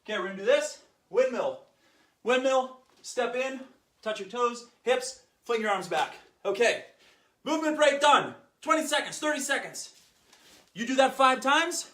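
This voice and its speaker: High-voiced energetic male fitness host. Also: moderate pace. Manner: energetic, jokey, rambling. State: a little out of breath. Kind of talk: exercise demo and casual podcast chat.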